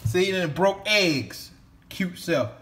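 A man's voice: high voice, animated, takes it slowly, a bit bright. A man in a casual cooking vlog, cursing freely and rambling while he talks to a toy. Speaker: home cook vlogger.

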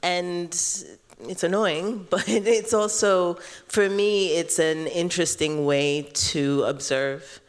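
An American-born artist speaking as a panelist in a chatty, lively way, laughing easily. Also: mid-range voice, slow pace, clear, resonant tone. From United States. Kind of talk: panel discussion answer.

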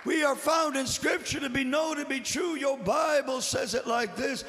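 A man preaching a Good Friday sermon in a church sanctuary, swinging from hushed whispers to shouted exhortation and repeating short phrases for emphasis. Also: extremely high pitch, normal speed, faint music behind. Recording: long church reverb.

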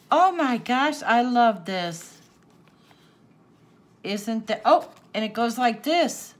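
Teary woman gushing slowly. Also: a little high, animated. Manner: gushing, gasping and laughing with delight. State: teary, sniffling from crying. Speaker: crafting channel host. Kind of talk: unboxing happy mail, chatting to viewers off camera.

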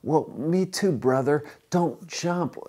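A man putting on a frantic, eager rescuer whose voice jumps up high and gets loud and excitable as he pleads. He is breathless with enthusiasm, told as a joke within a sermon. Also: brisk, vocal fry. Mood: pleading. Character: frantic, eager man talking someone off a bridge.

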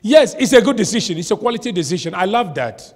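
A man preaching a sermon as a pastor, shouting some lines and slowing hard on others. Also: sits high, big pitch swings. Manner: preaching with sudden shouts and dramatic slow stretches. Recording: long hall reverb.

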